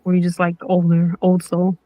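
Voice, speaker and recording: On a dry, mellow recording, a New York woman with a slight Southern twang talks briskly in a lowish, monotone voice. She's a guest in a casual chat, rambling along, losing her thread and starting sentences over.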